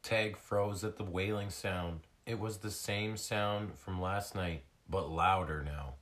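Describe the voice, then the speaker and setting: Slow deep-voiced male storyteller. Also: steady tone, fairly bright tone. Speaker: narrator. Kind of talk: children's storybook reading.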